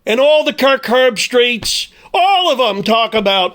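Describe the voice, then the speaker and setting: High-voiced man on a profane rant. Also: expressive, a little slow, a bit bright. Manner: profane, sarcastic, heated. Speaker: sports commentator. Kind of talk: angry ranting commentary.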